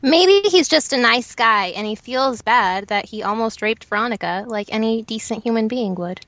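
A woman's voice: a little high, normal speed, fairly bright tone, no echo. A woman on a podcast panel, chatting casually and wryly defending her point.

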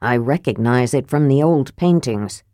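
A woman voicing a dignified human knight who speaks low and hushed in an audiobook. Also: big pitch swings, extremely slow, no echo, studio quality, heavily acted. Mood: grave.

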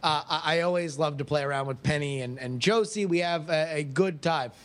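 A man's voice: on the high side, a bit bright. A man in his thirties on a podcast, joking and swearing casually with his co-host. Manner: joking, profane, quick interjections. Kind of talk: casual chat.

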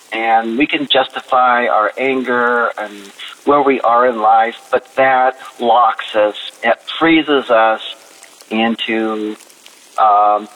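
A man's voice: mid-range voice, narrow, tinny audio. A man leaving an upbeat, earnest voicemail of encouragement. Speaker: caller.

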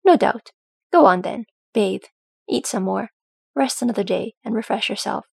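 A woman's voice: mid-range voice, normal speed, gravelly, slightly rough, no room sound. A woman voicing a stern, loving old male dwarf lord who speaks to his son in a firm, commanding way. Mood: gently teasing.

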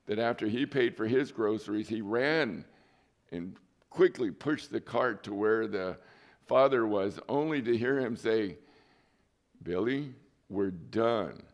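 A man preaching a sermon as pastor. He tells a story in a relaxed, conversational way, with asides to his listeners. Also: on the low side. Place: church.

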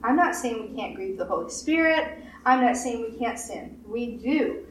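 A woman pastor delivers a sermon with emphatic repetition, slipping into quoted voices. Her voice sits somewhat high and is picked up from a distance in a reverberant room with a faint hiss. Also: expressive, moderate pace. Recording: roomy echo, distant mic, faint hiss.

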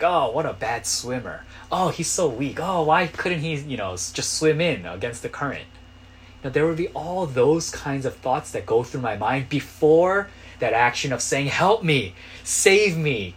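Male pastor, sermon, low-pitched voice, chatty delivery that climbs into impassioned shouts, faint hum behind. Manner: conversational preaching that swells to loud pleading cries.

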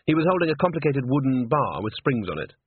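A man's voice: medium pitch, very animated, fast talker, slightly rough, no room sound. A man narrating a story in a dry, wry reading style. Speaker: audiobook narrator. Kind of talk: scripted narration. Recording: tinny narrow phone-like sound, dry.

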